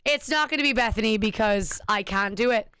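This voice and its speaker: A woman's voice: on the high side, a little fast, a bit bright, smooth, no echo, clean studio sound. A woman streaming a game, chatting casually with self-deprecating jokes. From United States. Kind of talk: casual live-stream chat.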